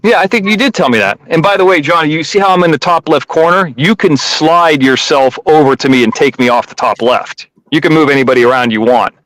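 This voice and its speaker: A man's voice: on the high side, a little fast, few pauses, a bit bright, dry recording, rough recording. A man in casual chat on a live stream, rambling and repeating himself.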